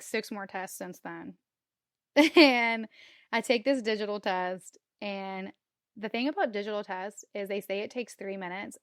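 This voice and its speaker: A woman's voice: medium pitch, dry recording, studio quality. A woman in her thirties telling her own story as a podcast guest, acting out her past reactions and laughing often. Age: 30s. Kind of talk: casual storytelling.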